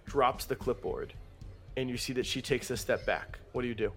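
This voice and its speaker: A man narrating a tabletop game as game master, animated, with sudden shouted character bits. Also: mid-range voice, normal speed, soft background music.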